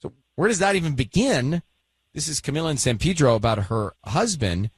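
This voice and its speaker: A male radio host leading studio banter in a brisk, teasing way. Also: on the high side, big pitch swings, breathy edge, dry recording. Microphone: studio microphone.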